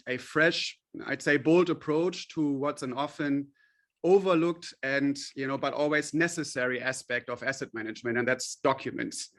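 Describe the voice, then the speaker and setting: A man with a slightly high voice talks as a CEO guest on a radio interview. He explains things at length, pausing on fillers and restarting his sentences as he goes. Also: a bit bright. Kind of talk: podcast interview.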